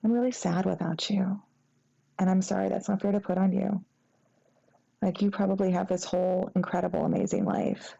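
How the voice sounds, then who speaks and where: A woman in an ASMR role-play voicing a sad, regretful young woman who misses her ex, talking in a hesitant, halting way. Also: mid-range voice, fairly even intonation, vocal fry, warm tone, lo-fi sound. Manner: hesitant, halting, full of fillers.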